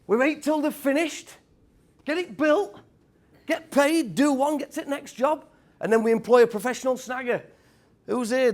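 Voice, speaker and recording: Upbeat high-pitched British male speaker, blunt tradesman manner, working a live room. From United Kingdom. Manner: energetic, quizzes the crowd, blunt tradesman talk. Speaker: speaker at a property event. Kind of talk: motivational talk to a live audience.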